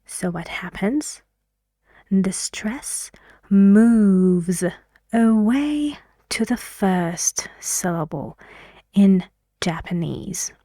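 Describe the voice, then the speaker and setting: A woman's voice: medium pitch, lively intonation, drawn-out words, mellow, no echo. A woman teaching an English pronunciation lesson in a patient way, asking learners questions as she explains.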